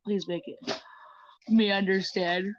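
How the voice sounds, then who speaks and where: A woman's voice: medium pitch, steady tone, slow, lo-fi sound. A woman livestreaming in casual chat, talking bluntly with lots of swearing and mocking remarks.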